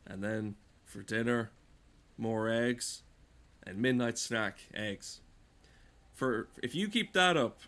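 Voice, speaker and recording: A man's voice: medium pitch, fairly bright tone. Sardonic rambling man. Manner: sardonic, profane, digressive. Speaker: game video host. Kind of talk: rambling comedic monologue.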